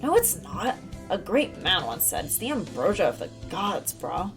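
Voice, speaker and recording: A woman's voice: mid-range voice, big pitch swings, normal speed, music in the background. A woman with a strained throat voicing an easygoing young male student who talks like a surfer dude. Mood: laid-back.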